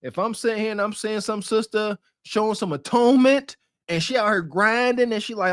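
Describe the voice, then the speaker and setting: A man's voice: sits high, a little fast, clear, resonant tone, no room sound, clean studio sound. A man co-hosting a podcast, giving blunt, slangy, preachy commentary. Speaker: podcast co-host.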